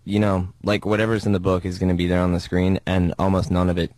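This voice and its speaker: A man, a guest actor, answering in a casual chat, halting and searching for words. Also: deep voice, completely flat delivery, a little mellow, no room sound.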